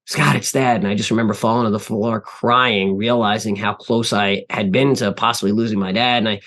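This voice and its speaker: A man in his forties, a podcast guest, telling reflective stories in an earnest way, often pausing and restarting. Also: fairly low pitch, fairly even intonation, fairly bright tone. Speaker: podcast guest, CEO and author. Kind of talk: interview storytelling.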